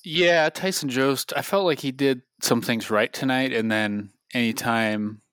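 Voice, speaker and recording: Podcast cohost guy, smooth clear voice, dry sound, kinda rambly. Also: mid-range voice, unhurried, a bit bright, dry recording. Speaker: podcast co-host. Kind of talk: casual sports analysis chat.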